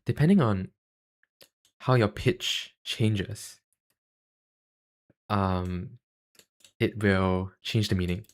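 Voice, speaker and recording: Slow, low-voiced male streamer. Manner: halting, filler-heavy, self-deprecating. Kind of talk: casual livestream chat.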